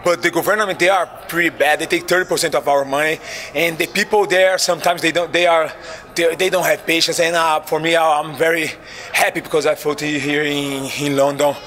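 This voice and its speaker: A man's voice: on the high side, fairly even intonation, a little fast, fairly bright tone. A man from Brazil with a Brazilian accent, a fighter giving an earnest post-fight interview in English and often restarting his phrases.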